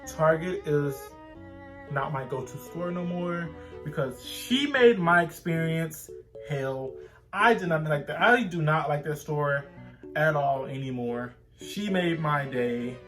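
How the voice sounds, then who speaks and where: A man casually telling a personal story to the camera, animated and rambling with frequent restarts. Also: on the high side. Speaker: vlogger.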